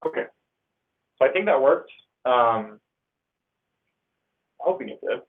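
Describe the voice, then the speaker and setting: A man's voice: medium pitch, expressive, takes it slowly. A young man from Northern California hosting a casual livestream, reading out viewer comments in an upbeat, slangy way. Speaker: livestream host. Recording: tinny phone-like audio.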